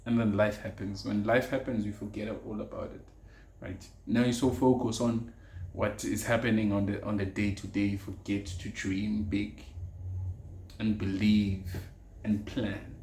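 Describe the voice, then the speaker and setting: A young South African man talks earnestly on his own podcast in a fairly low voice. He repeats his points and slips Zulu words into his English. The room sounds echoey, with a faint hum of ambience behind him. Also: little pitch movement, measured pace, darkish tone. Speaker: podcast host. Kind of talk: casual solo podcast monologue.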